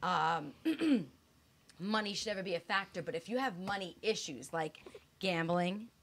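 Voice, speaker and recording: A woman's voice: fairly low pitch, expressive, a little slow, a bit bright. A woman in her thirties co-hosting a casual, frank chat, blunt and swearing freely, her speech slightly slurred from dental work. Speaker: co-host.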